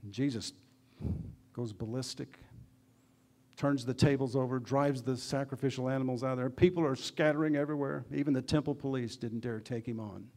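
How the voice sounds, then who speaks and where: Pastor guy giving a sermon, asks the congregation stuff, gets loud then drops low. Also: fairly even intonation, brisk. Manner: earnest preaching, asks the congregation questions; swings between loud emphasis and quiet low asides. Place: church.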